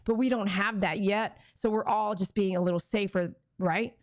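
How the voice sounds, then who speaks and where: A woman who runs a grooming salon talks casually to her viewers, chatty and easily moved. Her voice sits at a middle pitch for a woman. The sound is dry and close, with no room echo. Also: fairly even intonation, normal speed. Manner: chatty, emotional, addresses viewers directly. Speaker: dog groomer and channel host. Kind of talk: casual talk to camera.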